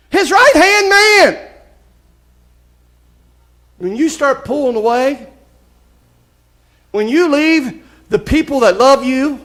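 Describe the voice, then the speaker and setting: A man preaching a live church sermon, impassioned and folksy, with bursts of shouting. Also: extremely high pitch. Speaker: pastor. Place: church sanctuary.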